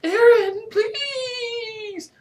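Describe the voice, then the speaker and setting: A man voicing a panicked young girl with a shrill, cracking falsetto, screaming and pleading breathlessly. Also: extremely slow, distant mic, exaggerated voice. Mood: frantic.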